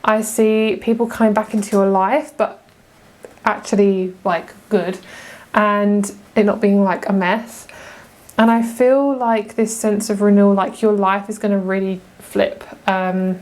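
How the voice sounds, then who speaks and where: A woman's voice: medium pitch, steady tone, unhurried, a little mellow. A young woman giving a casual tarot pick-a-card reading, chatty and gushing, often laughing. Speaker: tarot reader.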